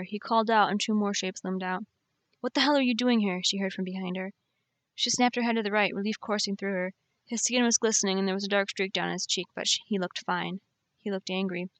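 A woman narrating a novel in an audiobook, reading in a measured, expressive way on a close mic. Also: medium pitch, no room sound.

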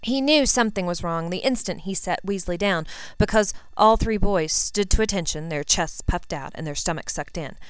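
Low, smooth woman reading a story. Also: no room sound. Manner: even, unhurried storytelling with quoted dialogue. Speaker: reader. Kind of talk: fan fiction audiobook reading.

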